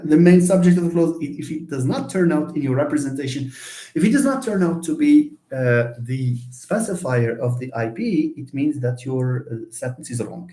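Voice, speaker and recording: A man teaches syntax in a live session, pausing often with fillers and restarting his sentences. His voice is mellow and sits a little high for a man. The sound carries the echo of a bare room. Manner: hesitant, many fillers and restarts, explanatory. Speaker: linguistics lecturer. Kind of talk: live online lecture on syntax.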